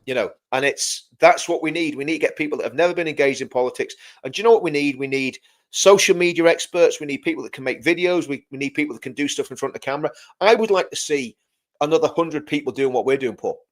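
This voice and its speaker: Talking fast in a slightly high voice, this man co-hosts a casual livestream chat. He's chatty and repetitive, laughing frequently as he goes.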